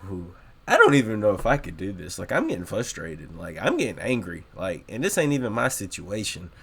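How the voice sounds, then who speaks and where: A man's voice: fairly low pitch, wildly swooping pitch, a little fast, gravelly, husky. A man hosting a reaction video, talking casually and bluntly with exasperation about what he is watching.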